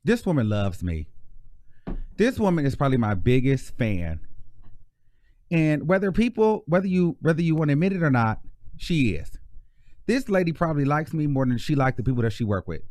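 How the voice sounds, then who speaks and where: A man with a fairly high-pitched, darkish voice hosts a live gossip stream, recorded dry. His commentary is sassy, blunt, and mock-preaching.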